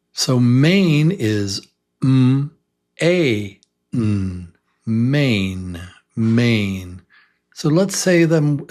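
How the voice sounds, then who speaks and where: A man teaching a beginner English lesson, enthusiastic and repeating words slowly for learners to say along with him. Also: lowish voice, a little mellow.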